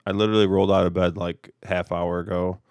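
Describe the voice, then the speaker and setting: A man's voice: deep voice, flat delivery, quick pace, a little mellow, no room sound, studio quality. A man with a stuffy, congested voice, hosting a casual podcast chat and rambling with lots of fillers. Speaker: podcast host. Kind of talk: casual horse racing chat.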